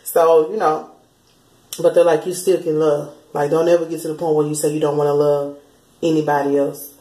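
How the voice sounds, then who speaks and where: A woman's voice: low-pitched, flat delivery, moderate pace, warm tone, roomy sound, rough recording. A woman, chatting casually as she passes on spiritual channeled messages, often slipping into quoted voices. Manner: chatty, laughs often, slips into sung lines and quoted voices.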